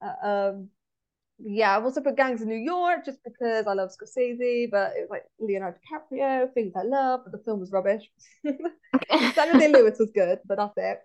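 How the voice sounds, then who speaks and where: Podcast co-host: woman with a West Country English accent, slightly high voice, animated ranting film chat, dull lo-fi recording. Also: moderate pace. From West Country, England. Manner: animated, ranting, laughs often. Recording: dull lo-fi audio.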